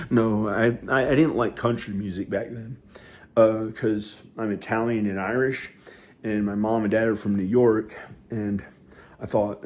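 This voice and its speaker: A man talking at home in a rambling personal monologue, hesitant and halting, with many restarts and fillers. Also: on the low side, steady tone, darkish tone. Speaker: vlogger. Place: inside his house.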